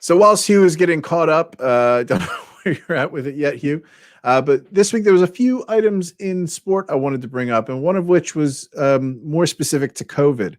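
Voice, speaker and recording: A man's voice: fairly high pitch, expressive, moderate pace, dry recording, studio quality. A man hosting a casual podcast chat over a remote call, talking hesitantly with many fillers. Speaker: podcast co-host.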